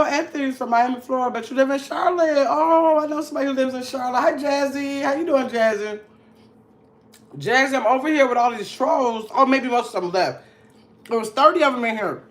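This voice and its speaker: A woman from Milwaukee hosting a casual livestream, chatting and teasing viewers in the chat. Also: on the high side. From Milwaukee, Wisconsin. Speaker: livestream host.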